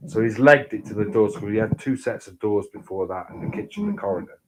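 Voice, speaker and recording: A man telling rambling, sweary anecdotes in casual chat, getting louder as the story builds. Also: fast talker, noisy background. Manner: sweary rambling anecdotes, gets loud and high when excited. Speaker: host.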